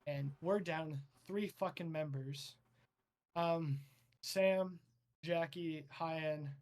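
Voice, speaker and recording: A woman's voice: low voice, extremely slow, darkish tone. Fed-up woman team director, muttering, swearing, done by the game master. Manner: muttering, swearing under breath. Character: weary exasperated woman director of a hero team.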